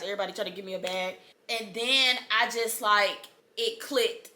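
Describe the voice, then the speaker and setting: A young woman, dramatically telling the story of her birth in a casual storytime vlog, with laughter and sudden loud outbursts. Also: mid-range voice, steady tone, a little fast, a little hiss or hum. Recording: echoey room.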